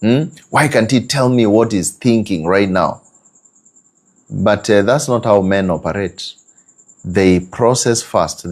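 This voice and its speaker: A man's voice: on the low side, darkish tone. A man giving a conversational relationship teaching, prodding listeners with asides. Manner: conversational, repeats and prods with hmm and eh.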